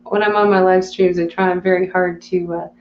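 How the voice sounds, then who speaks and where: A woman hosting a casual live stream, reading viewer chat aloud, chatty and quick to laugh. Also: on the low side, level tone, roomy sound, highs cut off, slight background noise.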